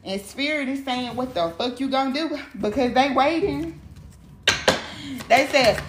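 Woman tarot reader, cussing and animated, fairly high voice, recorded in an echoey room with noise behind her. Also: unhurried, long pauses. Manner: profane, animated, talks straight to viewers. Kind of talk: casual tarot reading vlog.

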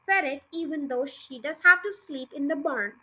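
A woman's voice: high-pitched, moderate pace, sharp tone. A woman voicing a curious, patient young farm boy in a storybook reading, polite and hesitant, trying to get a word in. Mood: earnest.

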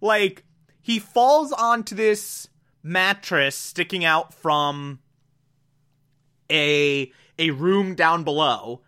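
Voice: medium pitch, very slow, bright, forceful tone, clean tone. A podcast host giving a chatty, laughing episode recap full of filler words.

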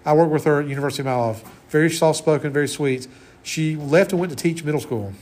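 A man's voice: a little high, quick pace, darkish tone. A man in his forties giving a conversational classroom lecture as college instructor, often restarting his sentences. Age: 40s.

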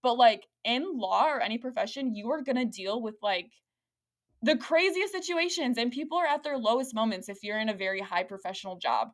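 A young adult woman hosting a podcast, telling a story in a lively, rambling way with lots of fillers and frequent laughter. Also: a little high, fairly quick. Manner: laughs often while talking. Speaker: podcast host. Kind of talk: casual podcast chat.

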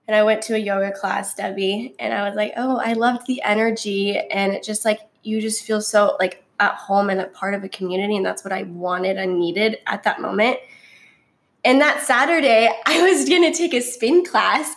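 A young woman chatting openly about her story, full of fillers, sometimes bubbly and sometimes quiet. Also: medium pitch, fairly even intonation, normal speed, vocal fry. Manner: chatty, many fillers, shifts from bubbly to subdued. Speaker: guest sharing her story. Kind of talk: casual heartfelt conversation.

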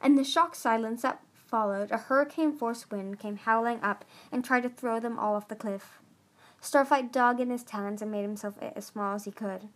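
A woman's voice: on the high side, moderate pace. A woman reading a novel chapter aloud, earnest, with occasional stumbles and restarts. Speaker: audiobook reader.

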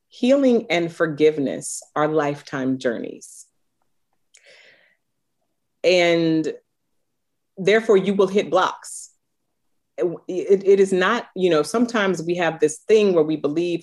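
A woman coach in her thirties speaks in a low, deep register. She talks earnestly and without hurry, with conviction in each point. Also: expressive, moderate pace, a little mellow. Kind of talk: podcast interview, reflective.

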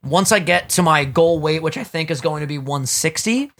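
A young man hosting a casual podcast while drinking, loud, boastful and swearing freely in banter. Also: a little high, lively intonation, normal speed. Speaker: podcast host.

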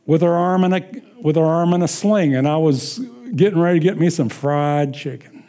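In a fairly high, warm, steady voice, a preacher poses call-and-response questions and answers them himself in a slow, drawn-out style. Afterward he shares casual personal anecdotes, chuckling as he goes.

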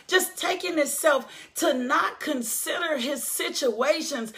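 A woman's voice: high-pitched, fairly bright tone. A woman preaching a sermon testimony with passion, repeating her phrases and calling out to the listeners.

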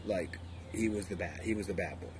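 A man's voice: low-pitched, a little fast. A man in casual chat, emphatic and opinionated, swearing freely. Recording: background noise.

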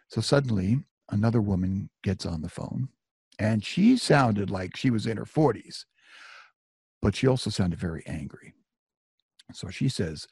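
A man's voice: on the low side, lively intonation, normal speed, gravelly, dark tone, breathy edge, no room sound, studio quality. A middle-aged man telling a personal story in a conversational, self-deprecating way, full of asides. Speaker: author and storyteller.

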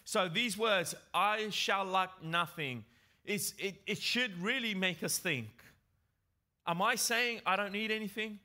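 Bright-voiced man preaching a sermon. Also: sits high, measured pace. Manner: emphatic, repeats phrases, addresses congregation.

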